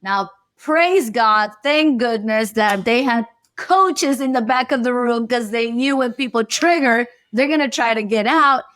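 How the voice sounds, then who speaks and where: Animated woman telling an emotional story. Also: fairly high pitch, a little slow, few pauses. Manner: animated and emotional, acting out her past self. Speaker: relationship coach and podcast co-host. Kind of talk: personal storytelling on a podcast.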